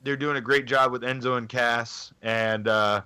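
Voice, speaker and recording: Man, podcast co-host, bright voice, casual eager chat. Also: mid-range voice, fairly even intonation, unhurried, clean tone. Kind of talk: casual chat about wrestling.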